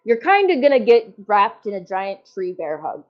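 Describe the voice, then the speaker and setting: A woman playing a tabletop game in casual chat, talking haltingly and laughing often. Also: mid-range voice, very animated, dull audio. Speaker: tabletop player.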